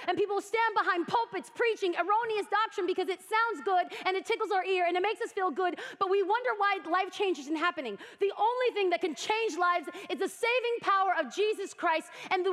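A young adult woman preaching a sermon, telling the story with animated energy and acting out voices. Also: very high-pitched, big-room sound.

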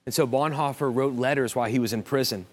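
Earnest pastor preaching, halting restarts. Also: male voice, mid-range voice. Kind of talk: sermon. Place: church auditorium.

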